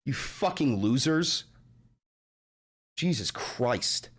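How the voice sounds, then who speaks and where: A man hosting a political livestream, ranting loudly in a profane, mocking and combative way. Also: medium pitch, animated, drawn-out words, husky. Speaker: livestream host.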